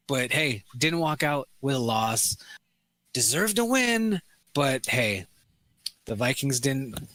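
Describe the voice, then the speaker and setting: A man co-hosting a podcast in casual chat, excitable and swearing as he rants. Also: medium pitch, dry recording. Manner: excitable, swears often, rants about sports. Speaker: podcast co-host.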